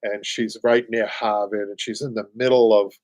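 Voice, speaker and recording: A man's voice: lowish voice, flat delivery, normal speed, a little mellow, dry recording. Chatty Boston man hosting live. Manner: rambling and chatty, many fillers, chuckles often. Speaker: upholsterer hosting a live show. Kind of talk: casual live-stream chat.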